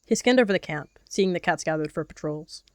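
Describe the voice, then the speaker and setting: A woman calmly narrating a game role-play as a story. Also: fairly low pitch, brisk, no room sound, studio quality.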